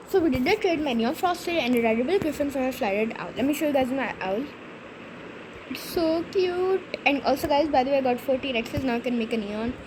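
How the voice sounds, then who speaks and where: A woman's voice: high-pitched, background noise. A young woman hosting a gaming channel, rambling through a story with lots of fillers as she plays. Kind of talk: casual gameplay commentary.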